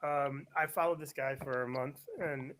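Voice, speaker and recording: Bright-voiced man telling a story. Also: medium pitch, moderate pace, a little hiss or hum. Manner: animated storyteller, acts out quoted voices. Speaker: comedian guest. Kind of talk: casual storytelling chat.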